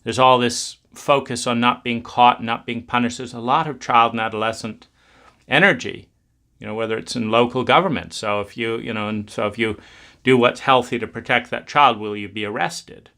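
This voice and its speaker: Bright-voiced man giving a rambling talk. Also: mid-range voice, steady tone, moderate pace. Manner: rambling, many restarts and fillers. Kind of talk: reflective spoken talk.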